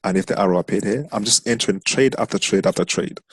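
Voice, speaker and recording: A man's voice: lowish voice, fast talker, breathy edge, dry recording. A man teaching a trading strategy over a screen share, explaining step by step and counting chart candles aloud. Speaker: trading instructor.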